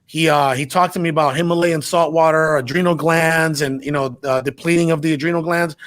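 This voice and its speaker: A man's voice: fairly high pitch, steady tone, fairly quick, few pauses, a bit bright. A man hosting an interview, asking probing questions with enthusiasm. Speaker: host. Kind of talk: interview conversation.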